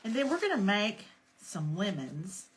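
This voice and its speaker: A woman's voice: mid-range voice, very animated, unhurried, a little hiss or hum. A woman demonstrating a craft project on a livestream, chatting and greeting her viewers by name between steps. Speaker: craft tutorial host. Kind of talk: casual livestream craft demo.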